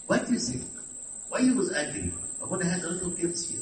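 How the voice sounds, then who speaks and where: A man preaches with an Egyptian Arabic accent, his voice high and his pitch leaping around as he questions the listeners. He drifts between English and Arabic. He is heard from far off in an echoey hall. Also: big pitch swings, fairly quick, dark tone. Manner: asks the audience questions, switches into Arabic. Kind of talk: interactive sermon.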